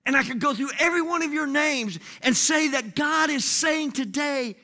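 A man preaching a sermon, dropping to hushed whispers and then rising to shouted, sing-song preaching. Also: very high voice, normal speed, hardly any pauses.

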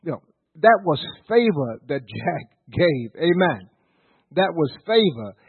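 A man's voice: fairly high pitch, sing-song, measured pace, breathy edge, no room sound. A middle-aged man from Virginia preaching a sermon, telling folksy stories with stammered restarts and building into rhythmic repeated phrases. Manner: rising, rhythmic preaching repetition. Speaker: pastor. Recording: dry, tinny phone-like sound.

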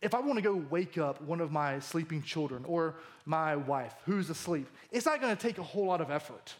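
A man in his thirties preaching a sermon, animated and jokey, acting out the lines he quotes. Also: on the high side, fairly quick. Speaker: pastor.

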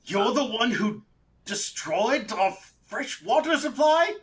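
A man's voice: very high-pitched, sing-song, slow, a bit bright, voice pushed up, full character voice. A man voicing a worn-out, wounded captive man who complains in an exasperated way. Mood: angry.

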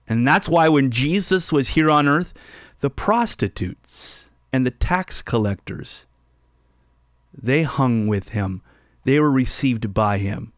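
A man's voice: mid-range voice, no room sound, studio quality. A man hosting a radio Bible teaching show with callers, speaking emphatically and repeating key phrases for stress.

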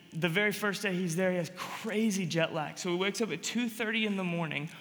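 A male pastor preaching a sermon and telling a story, moving between loud emphatic lines and quiet, hushed ones. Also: high voice, big-room sound.

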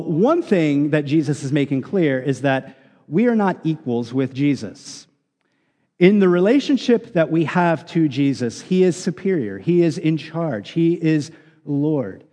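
A man's voice: a little high, mellow, big-room sound. A man preaching a sermon, explaining scripture in an earnest, emphatic teaching manner with frequent restarts. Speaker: pastor.

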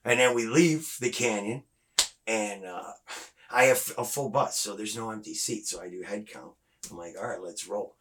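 A man's voice: fairly low pitch, moderate pace, background noise. A man telling a rambling, profane work story in casual podcast chat, acting out the people in it. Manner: animated, swears freely, acts out dialogue. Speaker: guest.

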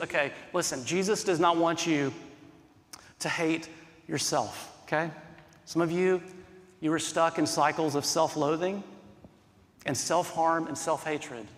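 A man's voice: fairly high pitch, a little slow, long pauses, a bit bright, long reverb tail. A male pastor preaching a sermon in an earnest, conversational way, asking many rhetorical questions.

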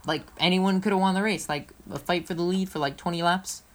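A woman with a fairly low voice co-hosts a laid-back racing podcast. She talks in an excitable, playful ramble, full of restarts and asides. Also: a little fast. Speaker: co-host. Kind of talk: casual motorsport podcast chat.

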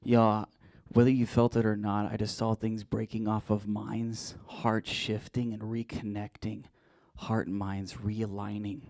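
A man's voice: on the low side, little pitch movement, a little slow, few pauses, darkish tone. A man preaching as a pastor, leading the congregation in repeat-after-me prayers and declarations. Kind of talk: charismatic sermon and prayer ministry.

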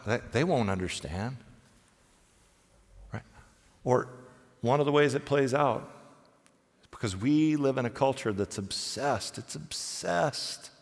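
A middle-aged male pastor delivers a sermon in a relaxed, conversational manner, slipping into little acted-out voices of the people he describes. His pitch sits in an ordinary middle range for a man. The sound carries the long reverb of a church sanctuary. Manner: conversational preaching, acts out quoted voices, pitch swings widely.

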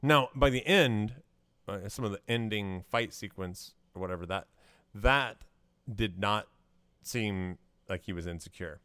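A man co-hosting a podcast in casual movie chat, measured and explanatory, pausing with hesitations. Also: lowish voice, a bit bright, clean tone, no echo, studio quality. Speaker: podcast co-host.

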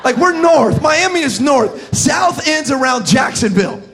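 A pastor from South Florida preaching a sermon, telling stories in an animated, joking way and shouting his punchlines. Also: extremely high pitch, unhurried, vocal fry, soft background music.

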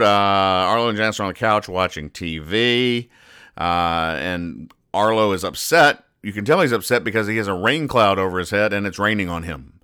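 A man hosting a comedy podcast, recapping comic strips in a rambling, self-deprecating deadpan. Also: lowish voice, no echo, studio quality. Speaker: podcast host.

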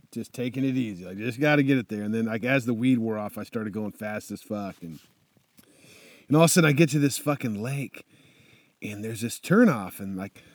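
A man's voice: mid-range voice, no room sound. A young man casually telling a motorcycle trip story, laid-back and swearing constantly, with lots of fillers.

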